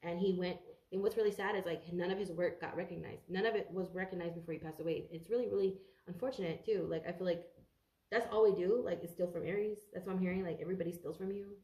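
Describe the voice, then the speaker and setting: A woman's voice: on the low side, steady tone, quick pace, warm tone, roomy sound. Congested woman rambling through a tarot reading. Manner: rambling, swears freely, stumbles over words. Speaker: tarot reader. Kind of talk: casual tarot reading to camera.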